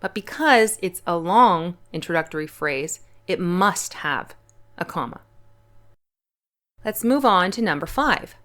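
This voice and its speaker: Lowish yet a bit bright, this woman's voice has lively intonation and a measured pace. She hosts her own channel as an English teacher, patiently and clearly explaining punctuation in an online grammar lesson.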